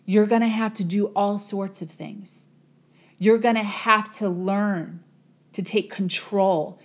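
A woman's voice: medium pitch, steady tone, takes it slowly. A woman telling a motivational parable in a dramatic, repetitive storytelling manner. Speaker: motivational speaker. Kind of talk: storytelling talk.

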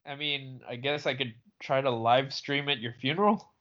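A man co-hosting a podcast in casual chat, halting and full of fillers. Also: mid-range voice, fairly even intonation, fairly bright tone, highs cut off. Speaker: podcast co-host.

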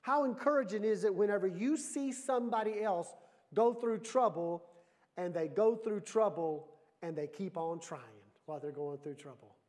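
A man preaching a sermon as pastor, lively and full of questions put to the congregation. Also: sits high, moderate pace. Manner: lively, asks the audience questions.

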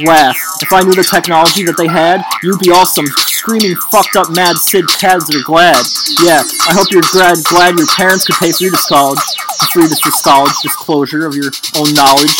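A man delivering an angry, profane freestyle rap, half-rapped and half-sung, drifting into low mumbling. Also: fairly even intonation, fairly quick, few pauses, loud music behind the voice. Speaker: amateur rapper. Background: loud backing beat.

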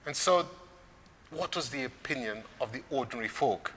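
A man preaching a sermon on scripture, measured, lifting his voice for emphasis. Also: mid-range voice, animated, a bit bright, breathy edge, long reverb tail.

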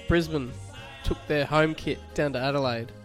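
A man's voice: a little high, steady tone, normal speed, soft background music. A man hosting a casual podcast, wisecracking and teasing his co-hosts. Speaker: podcast host. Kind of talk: casual chat.

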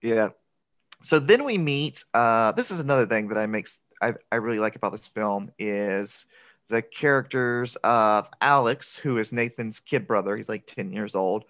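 A man with a lowish voice, speaking at a normal pace, casually recaps a movie as a podcast co-host. He's chatty, laughs often, and quotes lines in excited voices. The recording is dry, dull and lo-fi.

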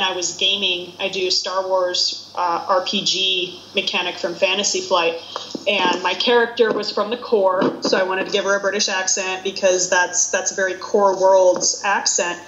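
A woman with a Midwestern American accent, co-hosting a casual podcast chat in an animated, rambling, self-deprecating way. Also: mid-range voice, slight background noise. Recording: roomy, dull lo-fi sound.

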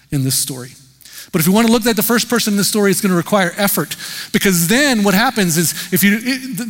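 A man's voice: sits high, a bit bright, long reverb tail. A man preaching a sermon as pastor, talking in a conversational, emphatic way with rhetorical questions.

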